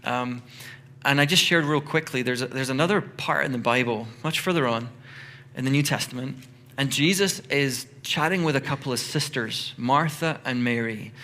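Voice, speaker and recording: At a moderate pace, a pastor preaches in a relaxed, conversational style, bringing his stories to life. His voice is clear and bright, pitched at a typical level for a man.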